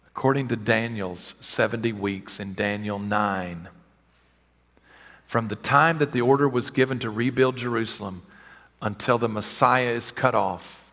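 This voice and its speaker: A man preaching a sermon as a pastor, swinging between rising, forceful declarations and quiet, wry asides. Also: lowish voice, big-room sound.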